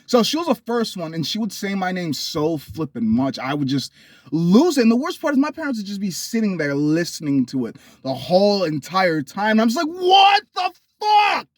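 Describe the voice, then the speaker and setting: Vlogger, male, slightly high voice, dry close sound, blunt, swearing, rambling personal storytelling. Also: big pitch swings, fairly quick, darkish tone, dry recording. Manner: blunt and profane, rambling with restarts.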